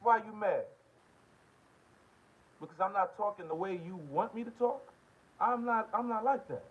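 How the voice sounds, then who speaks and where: Ranting high-voiced American man, lo-fi. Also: normal speed, breathy edge. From United States. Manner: confrontational, profane, repeats short questions. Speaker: political commentary host. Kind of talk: heated monologue rant. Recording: dull lo-fi audio.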